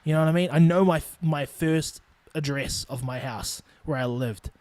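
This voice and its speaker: A man's voice: fairly high pitch, normal speed, a little mellow, no room sound. A man in his twenties with a New Zealand accent, hosting a solo podcast and ranting bluntly with lots of swearing. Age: 20s. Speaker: podcast host. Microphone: studio microphone.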